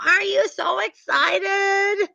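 Woman doing a giddy newbie investor gal, squealing way up high, bright and tense. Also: steady tone, very slow, gravelly, dry recording, exaggerated voice. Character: overexcited novice female investor, giddy. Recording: dull lo-fi recording.

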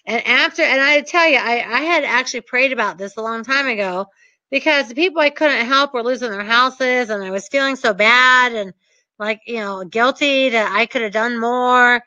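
A woman's voice: a little high, normal speed, sharp tone, no room sound, muffled recording. A woman coaching her real estate students in a motivational talk, earnest and emphatic, repeating her points for stress.

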